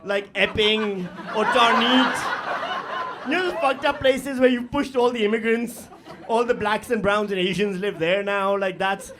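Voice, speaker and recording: A man's voice: sits high, fairly even intonation, measured pace, a bit bright. A middle-aged man performing a stand-up comedy set on a live stage, profane and rambling, full of fillers and talking straight to the audience.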